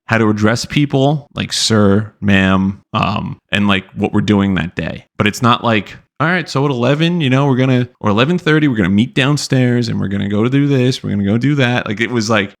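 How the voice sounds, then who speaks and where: A man in his thirties hosting a podcast, telling a rambling, profane story in casual talk and sometimes acting out yelled lines. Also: on the low side, vocal fry. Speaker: podcast host.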